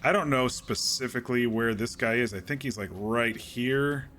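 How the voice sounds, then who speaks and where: A man casually commenting while playing a video game, muttering plans to himself with sudden excited outbursts. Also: mid-range voice, normal speed, soft background music. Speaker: gaming channel host.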